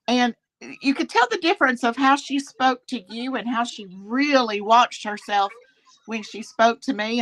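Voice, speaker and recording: A woman's voice: mid-range voice, fairly bright tone, rough recording. A woman in casual gossip chat, talking freely and often laughing. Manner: chatty, laughs often, quotes others in put-on voices.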